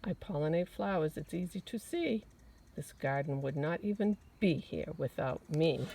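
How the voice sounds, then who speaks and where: A woman's voice: sits low, lively intonation, moderate pace, creaky, mellow, slight background noise. A woman voicing a haughty honeybee in a read-aloud picture book, buzzing and dismissive.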